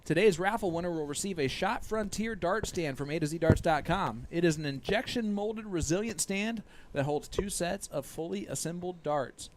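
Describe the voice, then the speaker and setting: A man's voice: high-pitched, moderate pace, slight background noise. A man hosting a live darts stream, casually commentating and reading sponsor plugs. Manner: upbeat, reads sponsor plugs.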